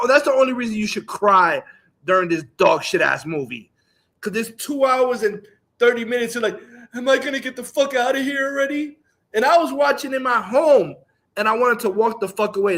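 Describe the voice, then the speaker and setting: A man's voice: high voice, fairly bright tone. A man hosting a live stream, ranting angrily and with lots of swearing while he reacts to a film review. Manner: angry, profane, ranting.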